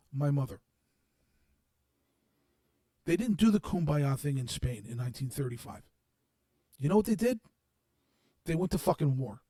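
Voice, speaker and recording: A man's voice: on the high side, no room sound, clean studio sound. Blunt, profane man in his forties. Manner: blunt and heavily profane, swinging from quiet reflection to shouted anger. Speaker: streamer addressing his audience. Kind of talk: unscripted monologue.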